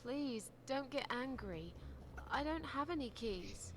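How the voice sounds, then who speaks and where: A woman's voice: high voice, expressive, slow pace, background noise. An actress playing a troubled widow who talks a threatening man down, carefully and placatingly, in a game. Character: troubled widow, wary, pleading calm.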